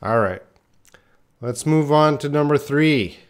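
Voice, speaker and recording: A man's voice: a little high, lively intonation, slow pace. A man giving a casual live-stream lesson, chatting to viewers by name and laughing at his own slips. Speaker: English teacher.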